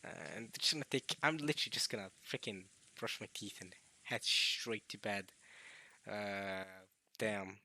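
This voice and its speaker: Young male let's play host: worn-out, strained voice with a sharp bright edge, halting casual delivery. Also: lowish voice, no echo. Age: young adult. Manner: rambling, halting, with coughs and throat-clearing. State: tired, strained voice. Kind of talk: casual late-night let's play commentary.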